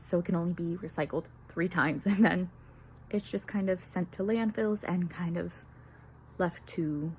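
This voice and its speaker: Young female student presenter, nervous, breathy, filler-heavy, faint background hiss. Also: on the low side, a little mellow. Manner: nervous, many fillers and laughs, apologetic. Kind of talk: peer-teaching presentation.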